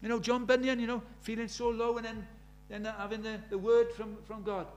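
An older man preaching a sermon, earnest, swinging between quiet reflection and emphatic, pleading passages. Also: high voice, flat delivery, a little fast. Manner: earnest, swinging between soft and emphatic, acts out quoted prayers.

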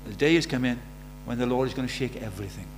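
A man with a mid-range voice preaches quickly, keeping his sermon conversational and putting rhetorical questions to the congregation. A faint mains hum runs under the recording.

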